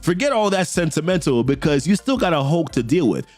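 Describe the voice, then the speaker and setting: Animated man recapping a comic story. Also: a little high, brisk, no room sound, faint music behind. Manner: animated storytelling, reading characters' lines in quotes with slang asides. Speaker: comic book recap host.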